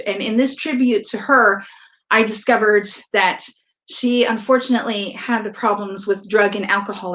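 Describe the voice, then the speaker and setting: A woman performing a first-person story on stage, moving from quick, nervous rambling to halting stammers and hushed, heartfelt reflection. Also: mid-range voice. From from outside the country of the event. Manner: nervous, halting stammers when reliving the moment.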